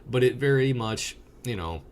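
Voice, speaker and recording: A man's voice: mid-range voice, moderate pace, a little hiss or hum. A man co-hosting a podcast, reviewing a movie in casual chat, blunt and profane as he tells stories. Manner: blunt, profane, animated storytelling. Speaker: podcast co-host.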